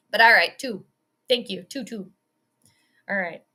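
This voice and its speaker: Bright high-voiced woman fan commentator. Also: normal speed, pauses often. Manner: excited, swearing, rambling fan commentary. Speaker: host. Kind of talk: live game commentary stream.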